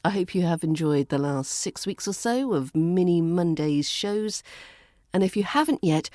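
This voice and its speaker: Slow, careful British accent coach woman. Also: lowish voice, mellow, dry recording, studio quality. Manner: slow, careful modelling of words. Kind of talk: podcast pronunciation lesson.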